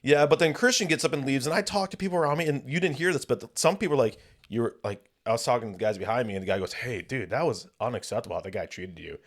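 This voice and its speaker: Man, podcast co-host, lively storyteller who acts out quotes, casual banter. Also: mid-range voice, very fast. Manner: animated storyteller acting out quoted voices. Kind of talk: casual chat.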